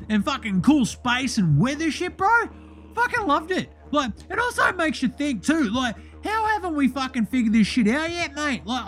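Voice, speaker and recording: Man voicing a rowdy Australian male basketballer, brash and foul-mouthed, high and raised, comedy bit, faint music behind. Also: fairly bright tone, heavily acted.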